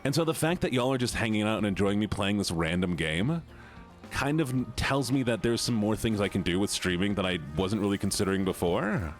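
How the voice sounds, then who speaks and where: Lively, chatty male game streamer. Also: on the low side, fairly quick, soft background music. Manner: chatty, reacts loudly to the game, greets chat by name. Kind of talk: casual live-stream chat while gaming.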